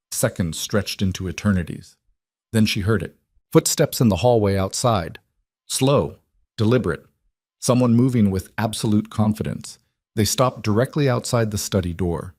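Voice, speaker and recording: A man giving steady, suspenseful scripted narration of a dramatic story. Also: lowish voice, no echo, studio quality.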